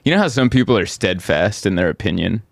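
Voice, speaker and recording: A man with a lowish voice hosts a comedy podcast, talking in a loose, rambling way. He pokes fun at himself and laughs often. The sound is dry and close, with no room to it. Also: animated, fast talker, vocal fry, dry recording. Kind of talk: casual podcast chat.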